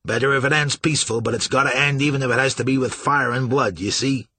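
A man voicing a gruff, stubborn middle-aged riverboat captain who talks in a rough folksy dialect. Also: mid-range voice, steady tone, fast talker, pushed and bright, no echo. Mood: earnest.

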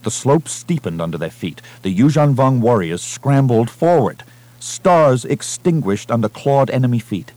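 A man narrating a science-fiction novel as an audiobook reader, with a measured, dramatic delivery. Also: mid-range voice, lively intonation, mellow, no echo. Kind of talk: scripted narration.

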